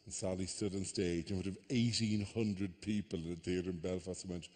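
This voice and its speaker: An Irish man doing live stand-up comedy on a theatre stage, telling stories with animated mock outrage. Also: deep voice, brisk, hardly any pauses. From Ireland. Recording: live theatre with long reverb.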